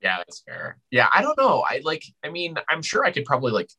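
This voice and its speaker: A man talks as a podcast guest in a husky voice with a tense, bright edge. He stops and restarts often and fills gaps with "like" and "um." When he quotes himself, his voice leaps up high. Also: huge pitch swings, fairly quick, rough recording. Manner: hesitant, many fillers and restarts, voice jumps high when quoting himself. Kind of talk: casual podcast chat.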